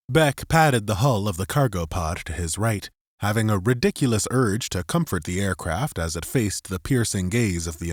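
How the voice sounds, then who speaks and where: A man narrating a science fiction audiobook in an expressive scripted style, close to the mic. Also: on the low side, dry recording.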